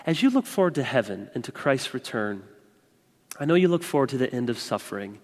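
A man's voice: medium pitch, lively intonation, fairly quick, a little mellow. Impassioned man preaching in echoing hall. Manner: passionate preaching with emphatic repetition. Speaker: pastor. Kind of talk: sermon. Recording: long reverb from a large room.

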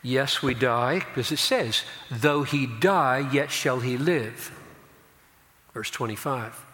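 A male pastor delivering a sermon in a slow, deliberate cadence. His voice is bright and forceful, pressing hard on key words and swelling into loud declarations. A long reverb from a large hall trails behind him. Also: medium pitch.

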